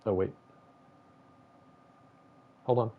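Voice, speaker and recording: A man's voice: very slow, phone-quality sound, slight background noise. A man in his forties casually commenting on his gameplay during a live stream, rambling and joking with viewers. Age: 40s.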